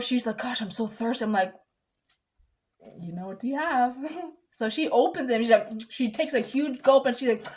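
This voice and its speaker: This is a young woman, a massage therapist by trade, chatting animatedly in a loose, rambling vlog. She voices other people's lines as she quotes them and sometimes mutters under her breath.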